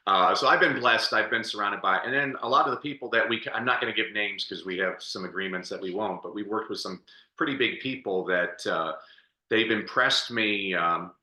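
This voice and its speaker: A man telling stories as a guest on a business podcast, energetic and chatty, laughing often. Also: on the low side, moderate pace, echoey room. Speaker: podcast guest, speaker and coach. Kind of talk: storytelling interview answer.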